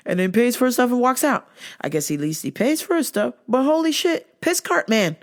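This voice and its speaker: A woman's voice: a little high, very animated, normal speed. A woman hosting a casual vlog, telling exasperated stories full of profanity. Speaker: vlog host and store worker.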